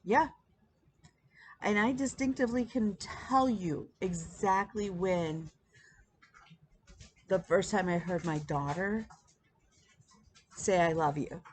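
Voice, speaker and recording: A woman's voice: mid-range voice, slow, long pauses, a little hiss or hum. A woman in her thirties chatting casually to camera as a stitching vlog host, rambling with many ums and restarts. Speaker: flosstube host.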